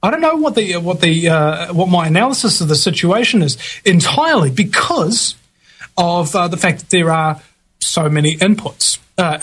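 A man's voice: fairly high pitch, a bit bright. A man hosting a talk radio show, reading the news with blunt slangy asides and many fillers and restarts.

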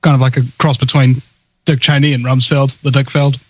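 A man hosting a casual talk show, excitable and sarcastic, jumping between jokes and rants. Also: mid-range voice, fairly quick, husky, dry recording, poor audio. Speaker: podcast host. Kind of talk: casual chat.

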